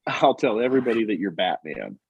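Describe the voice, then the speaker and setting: A low-voiced man on a podcast, animatedly retelling a comic plot and slipping into the characters' lines. The sound is dry and a little dull and muffled. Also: sing-song, brisk, creaky, breathy edge, no echo. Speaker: podcast co-host. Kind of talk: casual chat recapping a comic.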